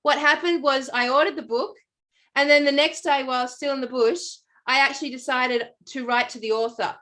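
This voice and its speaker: Middle-aged Australian woman, casual storyteller, fairly high voice, fillers and restarts. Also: a little fast. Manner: animated, rambling, many fillers and restarts. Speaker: podcast co-host.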